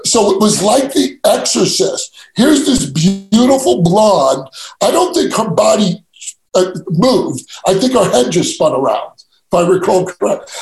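Brash, gravelly New man. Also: high-pitched, darkish tone, roomy sound, poor audio. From New York. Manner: brash, self-mocking storyteller with stammered restarts. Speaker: guest, real estate agent. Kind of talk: casual storytelling interview.

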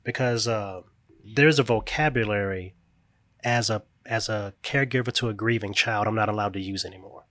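A man's voice: fairly low pitch, moderate pace, fairly bright tone, no room sound. Earnest man speaking in a dry, close sound. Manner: reflective, emphatic, frequent "right?" check-ins. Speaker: grandparent raising a grieving grandchild. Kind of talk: earnest conversational interview.

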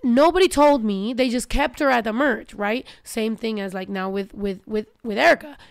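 A woman's voice: a little high, normal speed, creaky, no echo, clean studio sound. A woman hosting a podcast, ranting in casual, profane chat. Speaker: podcast host.

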